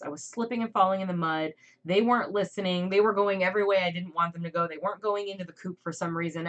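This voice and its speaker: A woman's voice: fairly low pitch, fairly bright tone. Candid rambling woman on a livestream. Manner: candid, rambling, frequent ums and side notes. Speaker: channel host. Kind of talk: casual livestream chat.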